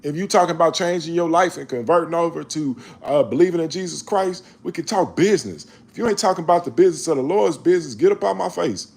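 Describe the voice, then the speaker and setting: A man, reading scripture slowly and then talking about it in a casual, emphatic preaching way. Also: fairly high pitch, creaky. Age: 40s. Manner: slow measured reading, then animated, emphatic street-talk commentary. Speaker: online Bible reader and commentator.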